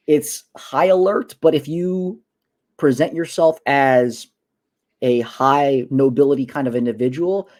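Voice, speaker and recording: A man narrating as game master in an online tabletop game, halting with many fillers and restarts. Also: on the high side, darkish tone. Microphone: online voice call.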